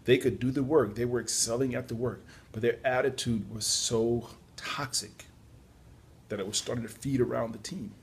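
Tired guy with a husky gravelly voice, chatty folksy advice talk. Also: mid-range voice, fairly even intonation, normal speed. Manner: chatty, apologetic asides, folksy. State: tired and yawning. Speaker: podcast host on job search. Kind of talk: casual spoken advice talk.

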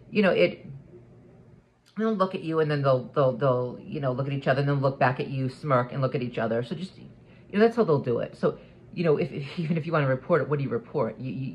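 Halting, earnest man talking to camera. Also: mid-range voice, highs cut off, a little hiss or hum. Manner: halting, repeats words while restarting sentences. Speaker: vlogger. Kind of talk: earnest solo monologue to camera.

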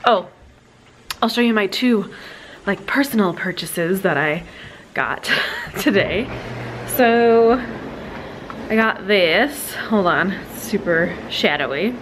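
A woman's voice: mid-range voice, expressive, slow pace, pauses often, slight background noise. A woman vlogging casually at home into a handheld camera, talking in a chatty way full of fillers and speaking fondly to her dog. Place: at home, indoors.

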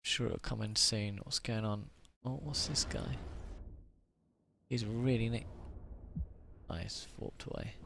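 A man's voice: fairly low pitch, fairly even intonation, slow, vocal fry, long pauses, a bit bright. A man casually commenting to himself while playing a space game. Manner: chatty, muttering to himself between voice chat. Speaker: gamer recording his play.

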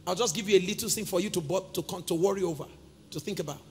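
A man with a Nigerian accent preaching a sermon as pastor, calling out to the congregation and breaking into sung and shouted phrases. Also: high-pitched, very fast, slight background noise. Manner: call-and-response preaching, sings and shouts phrases. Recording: reverberant church hall with music.

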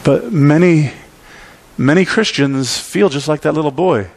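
Male pastor, sermon delivery, animated storyteller, slightly high voice. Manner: animated storytelling with emphatic repeats.

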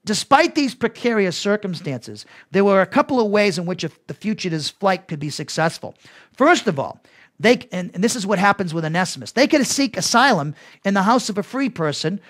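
A man's voice: high-pitched, big pitch swings, brisk, fairly bright tone. A man teaching a Bible lesson as pastor, talking conversationally with restarts and asides to his listeners.

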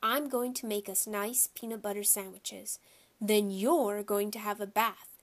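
A woman's voice: mid-range voice, fairly even intonation, a little slow, lightly acted. A woman voicing a cheerful, bumbling father who talks in a hearty, emphatic way in a storybook reading. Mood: firm. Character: cheerful bumbling dad, sure of himself.

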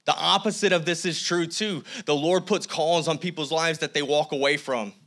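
A man's voice: fairly high pitch, steady tone, moderate pace, fairly bright tone. A man preaching a sermon as a church pastor, conversational with humorous asides. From United States. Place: church sanctuary.

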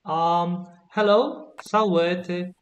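A man's voice: sits high, fairly even intonation, very slow, a little hiss or hum. A man teaching Latin to a small group, patiently asking questions and checking that they follow. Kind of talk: online group lesson.

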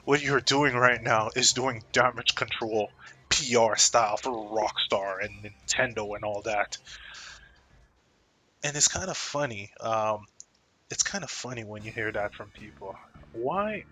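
A man's voice: on the low side, a little slow, bright, forceful tone. A man vlogging about games in a casual, profane, joking rant. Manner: profane, laid-back, joking. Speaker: gaming vlogger.

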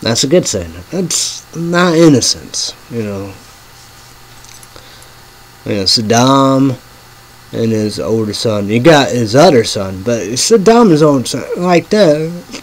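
A man rambling in a halting monologue, full of fillers, dropping to a murmur and then bursting out loud and swearing. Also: medium pitch, animated, rough recording. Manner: swings from murmuring to sudden loud outbursts. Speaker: vlogger.

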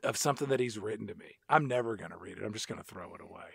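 A man's voice: fairly low pitch, lively intonation, very fast, creaky, a bit bright, husky, no echo. A man co-hosting a podcast, chatting casually and sarcastically about a movie, laughing often. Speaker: podcast co-host. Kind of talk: casual chat reviewing a movie.

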